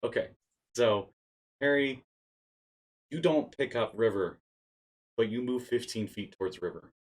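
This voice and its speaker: A man's voice: mid-range voice, measured pace. A man acting as dungeon master, narrating and calling rolls in a playful manner. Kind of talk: running a tabletop game.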